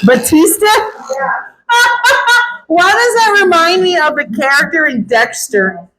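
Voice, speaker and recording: A woman dog groomer chatting casually while she works, telling stories with sudden high exclamations. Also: sing-song, unhurried, sharp tone, rough recording. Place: grooming salon.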